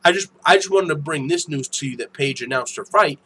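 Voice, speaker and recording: Young male host, casual profane commentary, lively and quick to flare up, high voice. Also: a little hiss or hum, rough recording. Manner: profane, animated, quick to get heated and shout. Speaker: MMA news channel host.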